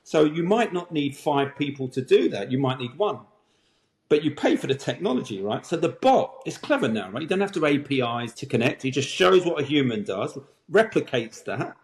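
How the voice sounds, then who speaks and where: A man's voice: medium pitch, reverberant. A man talking as a podcast guest in a conversational interview, making emphatic points and often ending them with a tag question.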